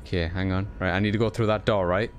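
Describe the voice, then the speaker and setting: A man live-streaming a stealth game, talking to his viewers in a relaxed, jokey way and swearing now and then. His voice sits on the low side. A faint ambient hum sits under it from a home desk setup. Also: fast talker. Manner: joking, swearing, talks to chat. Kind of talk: casual live-stream commentary. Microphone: desk condenser microphone.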